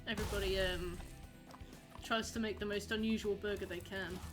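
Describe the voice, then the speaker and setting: A young female streamer talks at normal speed in a steady, mid-range voice as music plays. She rambles loosely while gaming live, reacting to what viewers write in chat.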